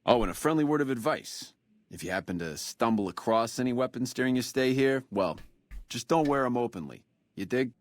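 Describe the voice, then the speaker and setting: An actor playing a laid-back male robot doorman in a video game, talking in smooth, slick hipster slang. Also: mid-range voice, lively intonation, fairly quick, dry recording, lightly acted.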